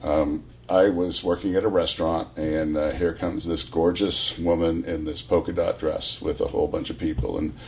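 A man in his sixties from California, a guest telling rambling, animated stories full of restarts. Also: low-pitched, normal speed, few pauses. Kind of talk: casual storytelling.

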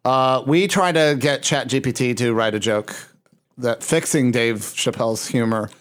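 A man's voice: mid-range voice, normal speed, clear, resonant tone. A man hosting a podcast, chatting casually and reading out jokes with playful chuckles. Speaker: podcast host.

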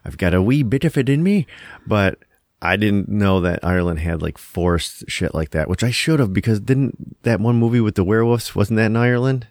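A man's voice: on the low side, brisk, a little mellow, dry recording, clean studio sound. A young man co-hosting a casual movie review chat, rambling, joking and swearing freely. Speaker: podcast co-host.

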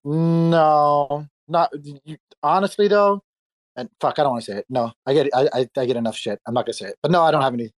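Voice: mid-range voice, brisk. A speaker in a casual group chat, blunt and sweary.

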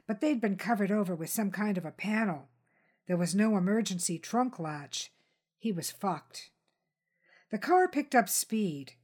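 A woman reading a tense crime novel aloud in steady, dramatic scripted narration. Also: medium pitch, breathy edge. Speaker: audiobook narrator.

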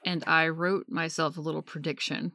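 At normal speed, a woman in her 30s chats casually while co-hosting a podcast about books. She's animated and acts out quotes in a higher-pitched voice. The sound is clean studio audio with no echo.

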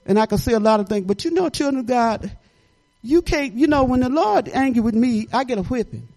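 A woman's voice: fairly high pitch, animated, a little fast, mellow. An older woman giving a rambling, chatty testimony at church, often laughing and restarting her sentences.

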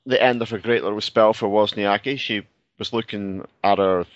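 A man with a Scottish accent talking tennis as a co-host, measured and thoughtful with frequent fillers. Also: lowish voice, fairly even intonation, dry recording, lo-fi sound. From Scotland. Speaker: co-host on the line. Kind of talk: casual sports chat.

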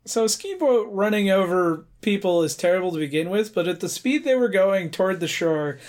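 A man's voice: high voice, animated, fairly quick, darkish tone. A man co-hosting a podcast, giving casual commentary on a movie with dry, observational remarks. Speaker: podcast co-host.

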